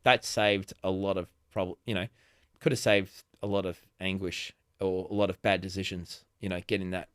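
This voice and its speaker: A man's voice: low voice, level tone, normal speed, a bit bright, clear, resonant tone, no echo. Chatty Australian man in his forties, dry sound. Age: 40s. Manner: chatty, laughs often, many restarts. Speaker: podcast guest. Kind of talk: casual conversation.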